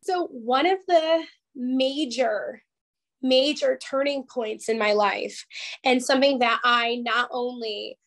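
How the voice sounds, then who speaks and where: On a podcast, a guest life coach with a fairly high, bright-toned voice shares her story slowly, frankly and emphatically, swearing freely. She is emotional and close to tears at moments, keeping the feel of a candid interview.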